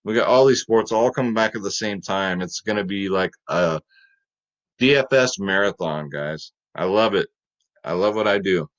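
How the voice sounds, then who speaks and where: A man's voice: sits low, moderate pace, low-quality recording. A man hosting a fantasy sports picks video, talking in a hyped, chatty, salesy way.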